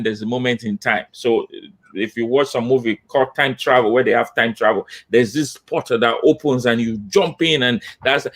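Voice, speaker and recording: A man speaking as a guest consultant on a panel, emphatic and repetitive with hesitant fillers. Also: mid-range voice. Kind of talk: panel discussion.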